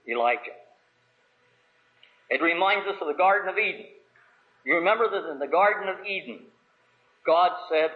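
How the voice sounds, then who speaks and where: A man preaching a sermon, reading scripture in old biblical wording and building to raised, emphatic questions. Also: a little high. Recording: tinny phone-like old recording.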